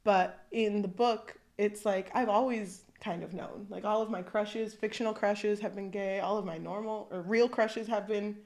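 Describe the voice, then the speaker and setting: A woman's voice: medium pitch, steady tone, moderate pace, hardly any pauses, darkish tone. A young woman co-hosting a podcast, chatting casually and animatedly, swearing freely and acting out characters' lines. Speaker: podcast co-host. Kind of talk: casual chat.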